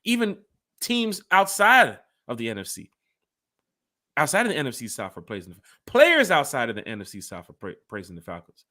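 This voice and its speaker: A man's voice: medium pitch, fairly quick. A man hosting a sports fan podcast in casual, rambling talk aimed at his co-host. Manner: animated, rambling, talks straight to his co-host.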